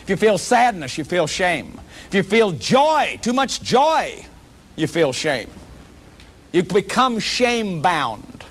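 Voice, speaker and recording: A man's voice: sits high, sing-song, slow pace, fairly bright tone, slightly rough. A man giving a public lecture as a workshop leader, earnest and emphatic, often repeating words as he restarts.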